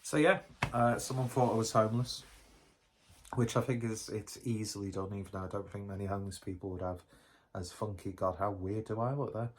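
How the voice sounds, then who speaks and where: A man's voice: fairly low pitch, fairly even intonation, fairly quick, a little hiss or hum. A man reviewing a beer in a casual vlog, rambling and joking at his own expense. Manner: rambling, jokey, self-mocking.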